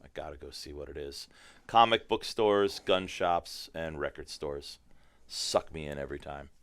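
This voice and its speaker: A man chatting as a firearms trainer guest on a podcast, telling animated, profane stories. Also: a bass voice, moderate pace, dry recording. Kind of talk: casual podcast chat.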